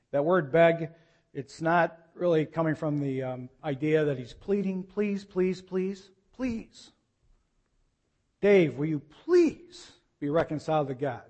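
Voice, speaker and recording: Pastor, male, fairly high voice, earnest sermon delivery with urgent appeals. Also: darkish tone. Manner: earnest preaching, reads scripture slowly, rises to urgent appeals.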